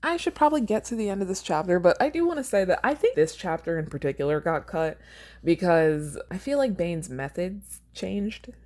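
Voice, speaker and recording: A woman's voice: on the low side, animated, moderate pace, a little mellow. A woman hosting a podcast, reading her own fan fiction aloud and chatting casually about it, laughing at her own lines.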